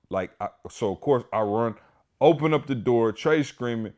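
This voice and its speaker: A man hosting a podcast, telling a story in a casual, animated way, emphatic and full of "like" and "y'all". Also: lowish voice, moderate pace. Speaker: podcast host.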